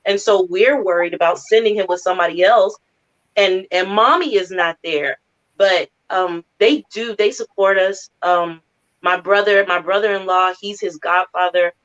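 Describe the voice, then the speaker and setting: A woman's voice: mid-range voice, moderate pace, a bit bright. Earnest mother talking candidly, lo-fi sound. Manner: earnest, laughs often, quotes family members. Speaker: guest, mother of four. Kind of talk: candid conversation on a talk show. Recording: dull lo-fi audio.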